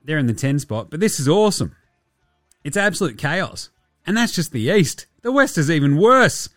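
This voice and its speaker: A man's voice: on the high side, big pitch swings, moderate pace, fairly bright tone, no room sound, clean studio sound, soft background music. A young Australian man hosting a casual basketball chat, swearing and joking as he rambles through the standings. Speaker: basketball podcast host.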